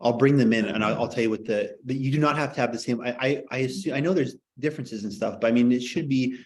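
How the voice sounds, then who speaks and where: A man of ordinary pitch lectures a class in a classroom. He rambles and cracks jokes, with plenty of fillers between points. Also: fast, a little mellow, low-quality recording. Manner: rambling, joking, heavy on fillers. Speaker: teacher.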